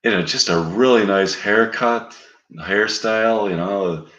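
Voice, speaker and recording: A man playing a smooth-talking older male stage mentalist, drawing each phrase out slowly and coaxingly. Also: on the low side, fairly bright tone, roomy sound, lo-fi sound. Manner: slow, drawn-out coaxing delivery.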